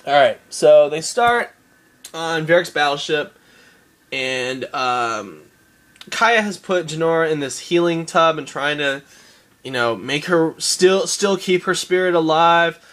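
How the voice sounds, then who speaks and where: A man's voice: fairly high pitch, expressive, takes it slowly, fairly bright tone. A man giving a casual episode recap, rambling and swearing, often laughing. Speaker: show reviewer.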